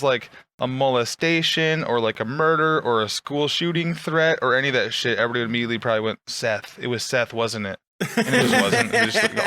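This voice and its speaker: A man's voice: medium pitch, sharp tone, no room sound. A young man hosting a podcast, talking crudely and joking in casual chat. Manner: crude, joking, quick to laugh. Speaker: podcast host.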